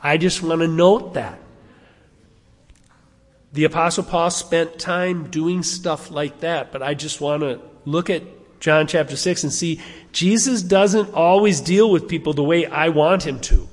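A man preaching a sermon, animated, asking his congregation rhetorical questions. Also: a little high, measured pace, big-room sound. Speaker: pastor.

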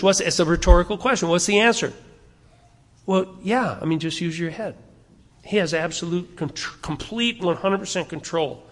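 A man's voice: sits high, expressive, moderate pace, a bit bright. Earnest preaching man in a reverberant church. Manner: earnest, conversational preaching with rhetorical questions and repetitions. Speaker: pastor. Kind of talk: sermon. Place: church sanctuary. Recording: long reverb of a church hall.

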